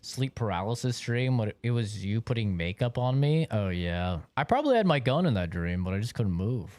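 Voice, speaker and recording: A man's voice: fairly low pitch, very animated, normal speed, darkish tone, no echo. A young man livestreaming, telling a long story in a casual, rambling way, swearing often and filling gaps with "like" and "bro". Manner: rambling, profane, lots of filler like "like" and "bro". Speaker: streamer.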